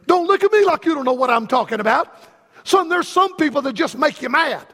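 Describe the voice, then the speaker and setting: High-voiced preacher in a reverberant hall. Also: male voice, lively intonation, fairly quick, pushed and bright. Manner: folksy storytelling preacher, calls out to the congregation. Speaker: pastor. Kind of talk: sermon.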